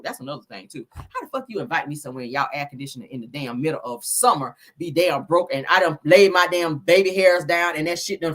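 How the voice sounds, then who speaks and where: A woman hosting a casual gossip livestream, loud and profane, laughing often as she reads viewer comments aloud and reacts to them. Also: low voice. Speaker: livestream gossip host reading chat. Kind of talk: casual chat.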